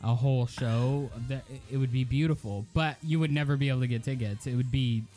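A man's voice: mid-range voice, steady tone, fairly quick, dark tone. A man co-hosting a podcast in casual chat, easygoing and enthusiastic, rambling a little, with faint guitar music behind. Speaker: podcast co-host.

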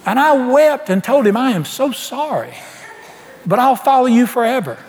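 A man preaching in a church, telling his story in a folksy way and acting out every exchange. His voice sits high and swings widely in pitch. The sound rings with the long reverb of a church hall. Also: moderate pace. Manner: folksy, animated storytelling, acts out dialogue. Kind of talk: storytelling sermon.

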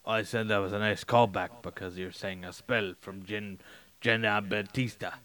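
A man's voice: lowish voice, fairly even intonation, normal speed, fairly bright tone. A man co-hosting a podcast in casual chat, mostly giving short reactions and asking curious questions. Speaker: podcast co-host.

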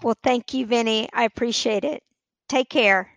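A woman's voice: on the high side, moderate pace, vocal fry, fairly bright tone, dry recording. A woman guest on a podcast interview, talking in an earnest, businesslike way while losing her voice. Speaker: podcast guest, real estate leader. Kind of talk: casual interview talk.

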